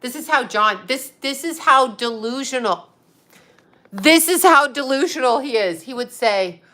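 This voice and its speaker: Her high voice is animated, pushed, and bright, though her pace stays measured. She's a fifty-something psychic medium and astrologer hosting a livestream, reading comments, cursing bluntly, and laughing a lot in casual conversation.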